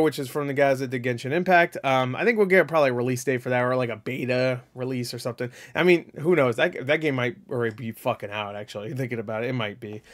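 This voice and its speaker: A young man hosting a casual solo video of gaming predictions, rambling loosely with many fillers and casual swearing. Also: medium pitch. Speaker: gaming channel host.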